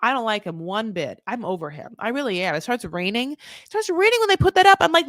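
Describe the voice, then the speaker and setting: A woman hosting a casual recap podcast, animated and sarcastic, swinging between loud outbursts and muttered asides. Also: high voice, moderate pace, no room sound, studio quality. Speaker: podcast host.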